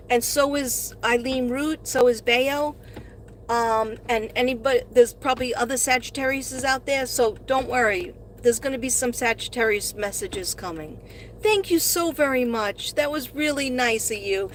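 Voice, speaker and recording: A woman's voice: high-pitched, a little slow, a little hiss or hum. A middle-aged woman hosting a casual live stream from her car, talking to viewers in a rambling, chatty way and gushing when she thanks them. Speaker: live-stream host and astrology reader. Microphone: phone.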